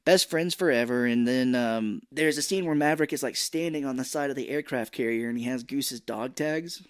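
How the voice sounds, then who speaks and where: A man co-hosting a relaxed movie podcast, walking through the plot scene by scene. He keeps slipping into quick impressions of the characters as he goes, in an easy, chatty delivery. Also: mid-range voice, clear, resonant tone. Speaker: podcast co-host. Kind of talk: casual movie recap podcast.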